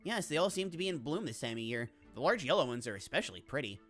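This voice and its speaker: A woman voicing a calm, earnest young male commander who speaks in a flat, plain, subdued way. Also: low-pitched, fast, soft background music.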